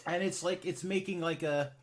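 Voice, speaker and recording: A man's voice: high voice, fairly even intonation, normal speed. A man narrating a tabletop game as game master, rambling and filling his talk with "like". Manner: rambling, full of "like" fillers.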